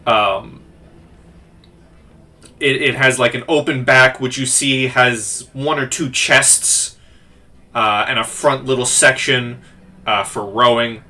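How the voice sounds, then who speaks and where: Slow, bright-voiced game master. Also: male voice, medium pitch, steady tone. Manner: halting, many fillers and restarts. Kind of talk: narrating a tabletop game.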